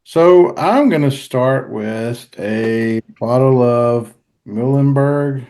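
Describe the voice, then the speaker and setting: Mellow-voiced laid-back man. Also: medium pitch, slow pace. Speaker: panel guest. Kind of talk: casual chat.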